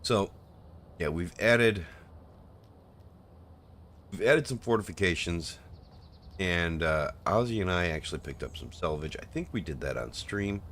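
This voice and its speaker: A man casually commenting on his gameplay, relaxed and trailing off with fillers as he plays. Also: low voice, unhurried, long pauses. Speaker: streamer playing a co-op game.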